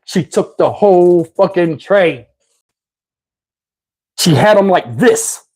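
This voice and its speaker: Male storyteller, husky, animated and foul-mouthed, acts out the other voices. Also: high-pitched, slow pace. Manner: animated, profane, acts out every voice. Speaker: channel host. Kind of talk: comic storytime monologue.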